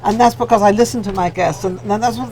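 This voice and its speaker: A woman's voice: mid-range voice, fairly even intonation, quick pace, darkish tone, rough recording. A middle-aged woman from England hosting a talk show, chatty and effusive, with a joking streak. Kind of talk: casual interview chat.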